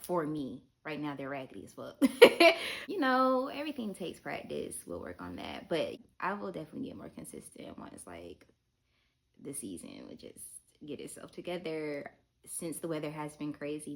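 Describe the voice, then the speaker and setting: A woman's voice: low-pitched, vocal fry, slight background noise. A young woman vlogging to her camera, talking openly and frankly, with casual swearing. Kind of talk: candid talk to camera.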